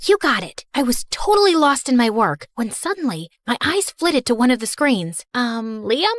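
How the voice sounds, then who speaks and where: A young woman narrating her own animated story in first person, bubbly and playful. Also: a little high, normal speed, no echo, clean studio sound.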